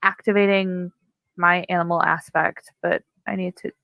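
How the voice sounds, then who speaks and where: A woman's voice: fairly low pitch, little pitch movement, moderate pace, gravelly, dry recording, lo-fi sound. A woman playing a tabletop game, chatty and slangy, thinking aloud. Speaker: player. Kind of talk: casual game chat.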